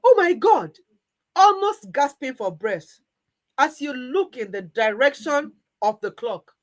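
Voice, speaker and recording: A woman's voice: sits high, very animated, a little slow, poor audio. A woman coach with a Nigerian accent narrating a second-person guided visualization story. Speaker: weight-loss coach.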